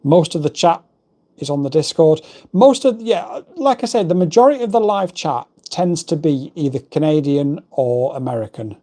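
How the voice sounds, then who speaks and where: A man's voice: on the high side, lively intonation, moderate pace, warm tone. A middle-aged man hosting a casual livestream, rambling and reading out viewer comments. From England. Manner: chatty, rambling, reads out chat messages. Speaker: livestream host. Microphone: desk microphone.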